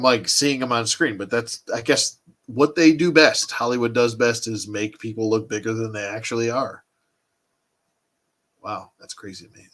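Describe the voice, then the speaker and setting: Lively, bright-voiced man in his thirties. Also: medium pitch. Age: 30s. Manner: rambling, thinking aloud, answering chat. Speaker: toy collecting livestream host. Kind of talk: casual livestream chat.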